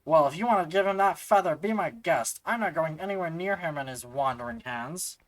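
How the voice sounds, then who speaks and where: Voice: medium pitch, animated, brisk, no room sound, close to an everyday voice, poor audio. A streamer doing a haughty woman scholar. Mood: indignant. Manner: theatrical, mock-formal with stammers. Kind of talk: reading game dialogue aloud in character.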